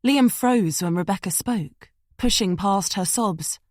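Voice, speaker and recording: A woman reading a suspense audiobook in steady, tense narration. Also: mid-range voice, a little slow, dry recording, studio quality.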